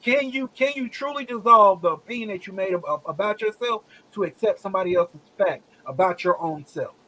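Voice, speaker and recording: A man's voice: sits high, brisk, bright, forceful tone, low-quality recording. A man hosting a casual group discussion, asking probing questions and repeating them to press the point. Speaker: podcast host, discussion leader.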